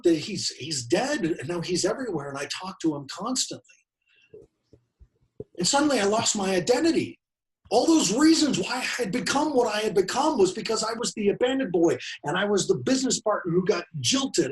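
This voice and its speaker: A man nearing fifty speaks as a motivational speaker in a somewhat high voice. He is emphatic and circles back to the same phrases for weight. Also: poor audio. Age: late 40s. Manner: emphatic, repeats key phrases. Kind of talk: personal motivational talk.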